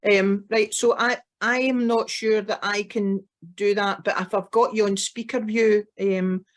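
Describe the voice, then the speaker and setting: A woman on a video call, brisk and helpful, sorting out screen sharing with quick acknowledgements. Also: mid-range voice, fairly even intonation. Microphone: video call microphone.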